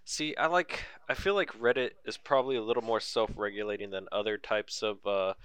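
A man co-hosting a podcast in easygoing casual chat, from the United States, quick to agree and laugh. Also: lowish voice, fairly even intonation, fairly bright tone, clean tone, dry recording. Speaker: podcast co-host.

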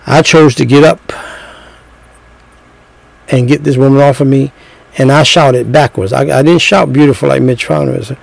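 A middle-aged man preaching a sermon, slow and emphatic, repeating phrases and telling stories. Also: mid-range voice, steady tone, creaky, dry recording, low-quality recording.

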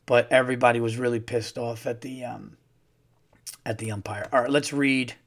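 A man's voice: medium pitch, steady tone, normal speed. A man hosting his own podcast alone, rambling and swearing as he rants in a worked-up way. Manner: rambling, profane, worked-up ranting. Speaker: podcast host. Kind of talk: casual solo podcast monologue.

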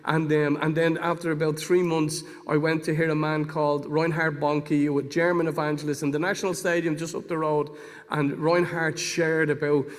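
Fervent preacher in a reverberant hall. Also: male voice, fairly high pitch, flat delivery, normal speed. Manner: storytelling, swings from hushed to fervent. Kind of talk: testimony sermon.

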